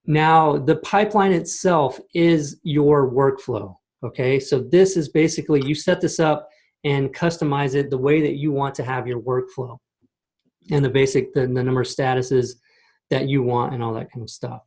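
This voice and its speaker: Man, mid-pitched, casual software demo host on a video call, explains step by step with frequent check-ins. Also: steady tone, normal speed. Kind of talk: screen-share product walkthrough. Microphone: computer mic on a video call.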